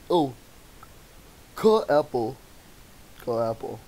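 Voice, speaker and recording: A man's voice: medium pitch, big pitch swings, drawn-out words, darkish tone, rough recording. A young man chatting with friends on a close mic, giggling and egging them on. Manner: giggly, eggs the others on. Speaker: streamer. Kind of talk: casual chat with friends. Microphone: mic too close.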